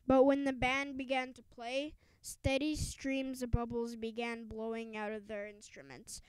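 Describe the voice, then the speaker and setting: A woman reads a children's book aloud with an emphatic storytelling lilt, tripping over a word now and then. Her voice sits high and sounds smooth and clear. The recording is dry and close, with no room around it. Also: level tone, measured pace, dry recording, low-quality recording. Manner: stumbles and restarts words while reading. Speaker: audiobook reader.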